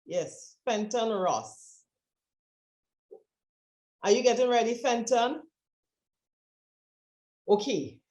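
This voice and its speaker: A woman coaching speakers over a video call, giving brisk, encouraging directions. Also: a little high, animated, darkish tone, reverberant. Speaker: presentation coach. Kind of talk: online coaching session.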